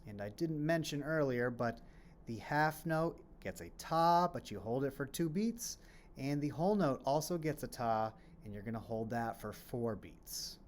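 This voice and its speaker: Male music teacher talking slow to little kids, mid pitch, asks then answers his own questions. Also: expressive, slight background noise. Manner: chants rhythm syllables while clapping. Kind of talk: recorded music lesson for children.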